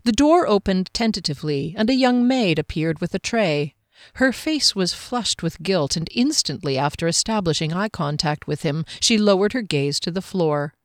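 A woman narrating a fantasy novel in a measured, expressive storytelling voice on a close mic. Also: lowish voice, no echo. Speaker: audiobook narrator.

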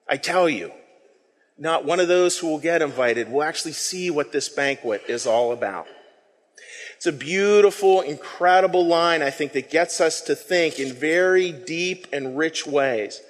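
A man preaching a sermon, telling the story in a lively way with acted quotes and asides to the congregation. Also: fairly high pitch, normal speed, in a large hall. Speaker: pastor.

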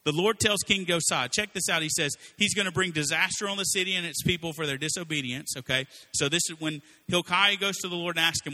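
A high-voiced man preaches fast with few pauses, his sermon loose and conversational. He brings his stories to life by acting out the quotes in them.

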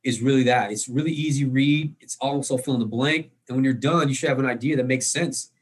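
A man's voice: mid-range voice, a little fast. A man, a fashion guest on a podcast, speaking earnestly with some restarts. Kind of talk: casual interview chat.

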